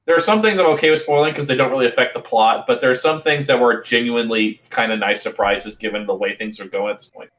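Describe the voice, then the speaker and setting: A man's voice: medium pitch, fast, few pauses, a bit bright. A man chatting casually about a movie, laughing often and stammering through restarts. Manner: giggly, avoids spoilers, stammering restarts. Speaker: co-host watching a movie.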